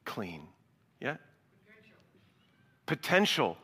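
A man preaching a sermon to a live congregation, animated, acting out dialogue and swinging from loud to hushed. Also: mid-range voice, extremely slow, breathy edge. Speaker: pastor. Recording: reverberant hall sound.

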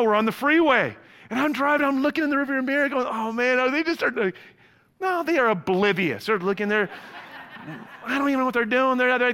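A man's voice: extremely high pitch, pushed and bright, long reverb tail. A man preaching a sermon as a pastor, telling a story with humor and casual asides.

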